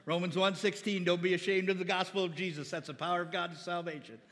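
A man's voice: sits high, little pitch movement, quick pace, hardly any pauses, a bit bright, a faint crowd, a little hiss or hum. A middle-aged man preaching a sermon as pastor, exhorting the congregation, calling for amens and quoting scripture. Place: church hall. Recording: reverberant church hall.

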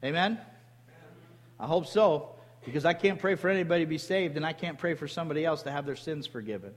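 A man's voice: fairly high pitch, quick pace. A man preaching a sermon as pastor, emphatic, calling for responses from the congregation. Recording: long hall reverb.

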